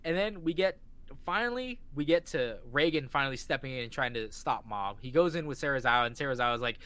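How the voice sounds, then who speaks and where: A man co-hosting a podcast, retelling a story in casual chat with excited energy and lots of swearing. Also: medium pitch, quick pace, clean tone. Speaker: podcast co-host.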